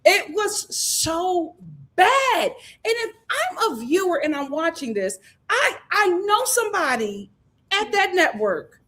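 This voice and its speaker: A woman's voice: very high-pitched, big pitch swings, slow, pushed and bright, shouting. A woman reviewing a reality TV show on a casual live stream, ranting with exasperation and breaking into laughter.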